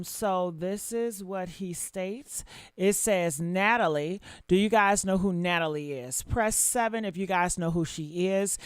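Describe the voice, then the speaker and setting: A woman hosting a live stream, commenting loudly and profanely on a family dispute and shouting out exclamations. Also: fairly low pitch, clean tone.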